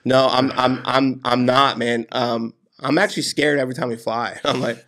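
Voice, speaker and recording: A man telling personal stories as a podcast guest, animated and casual, swearing freely and tossing in "dude" and "man". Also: mid-range voice, moderate pace. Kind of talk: casual storytelling interview.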